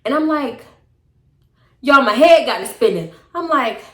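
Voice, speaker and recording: A young woman telling a personal story to camera in a casual, slangy, animated way. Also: fairly high pitch, a little fast. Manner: animated, slangy, acts out both sides of arguments. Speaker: storytime vlogger. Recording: echoey room.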